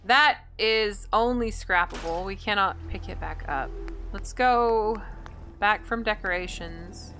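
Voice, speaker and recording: A woman's voice: medium pitch, takes it slowly, pushed and bright, slight background noise. A woman hosting a gameplay video, chatting and thinking aloud in an indecisive, casual way. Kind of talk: casual let's-play commentary.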